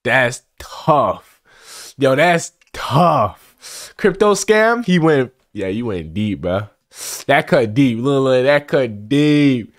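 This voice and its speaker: A man's voice: medium pitch, big pitch swings, takes it slowly. A man streaming his reaction to a roast clip, casually joking, laughing and repeating phrases in slang.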